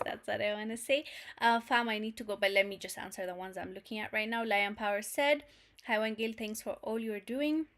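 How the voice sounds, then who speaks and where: A woman's voice: mid-range voice, a bit bright. A young woman hosting a casual livestream, reading viewers' chat messages aloud and answering them with frequent laughs. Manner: chatty, laughs often, talks to viewers as "fam". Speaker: channel host reading live chat.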